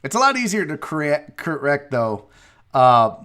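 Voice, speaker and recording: A man hosting a loose, joking sports talk show. His voice sits high for a man and lands in quick asides. He drops into an exaggerated Southern drawl for a laugh now and then. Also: sing-song. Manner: loose, joking, reads chat messages aloud; slips into a put-on Southern gentleman drawl. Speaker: sports radio host. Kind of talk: live sports talk show, casual chat.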